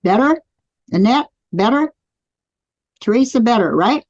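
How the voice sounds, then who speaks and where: A woman's voice: a little high, lively intonation, unhurried, dry recording, lo-fi sound. A woman teaching a live online class, guiding listeners through spoken affirmations. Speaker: energy healing teacher. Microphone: computer mic on a live video stream.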